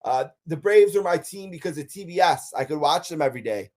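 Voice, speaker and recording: A man's voice: a little high, expressive, brisk, a little mellow. Enthusiastic middle-aged man telling stories. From Buffalo, USA. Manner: enthusiastic storyteller, frequent ums and uhs. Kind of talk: casual countdown monologue.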